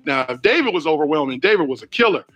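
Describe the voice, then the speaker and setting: A man preaching a sermon, reading scripture slowly and talking straight to his listeners in a chatty way. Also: a little high, very animated, a bit bright. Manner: preachy and conversational, reads scripture slowly, asks the listeners directly. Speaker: pastor.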